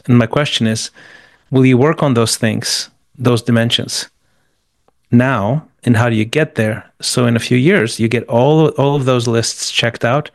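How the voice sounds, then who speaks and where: Gravelly emphatic man giving advice. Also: mid-range voice, no room sound. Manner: emphatic, repeats words, lists rapidly. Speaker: guest. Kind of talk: interview answers, motivational advice.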